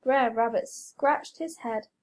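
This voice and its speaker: A woman reading a children's story aloud, slow, clear and expressive. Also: a little high. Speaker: reader.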